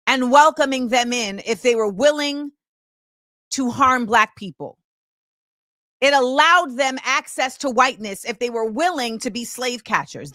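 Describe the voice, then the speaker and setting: A woman who hosts her own show delivers an impassioned, opinionated film commentary monologue, repeating key phrases for emphasis. Her voice is high and sharp, and the studio-quality recording is dry.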